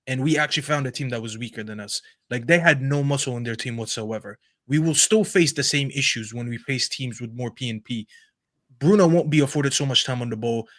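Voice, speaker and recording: A man's voice: mid-range voice, pushed and bright, dry recording. A man giving blunt, opinionated takes in a casual football chat.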